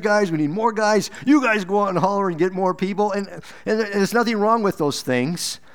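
A man's voice: medium pitch, fairly bright tone. A man preaching a sermon in church, earnest and exhorting, with frequent repeated words and emphatic rises. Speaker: pastor.

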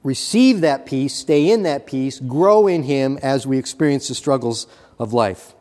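A man's voice: medium pitch, dark tone. Man preaching in a reverberant hall. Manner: earnest, rising to fervent emphasis; halting restarts and fillers. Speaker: pastor. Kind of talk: sermon.

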